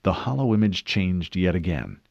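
A man narrating an audiobook in a steady, measured way. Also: low-pitched, creaky, no echo. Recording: dull dry studio read.

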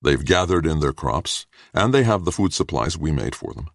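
Guy reading a tired troubled man, very deep and rough, close dry mic. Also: animated, normal speed, no echo, heavily acted. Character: weary stranded man, troubled and brooding.

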